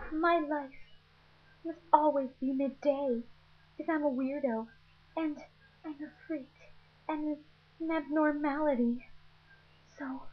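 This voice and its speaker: A young woman voicing a melodramatic teen half-vampire girl in a shrill, overwrought way, on a dull lo-fi mic.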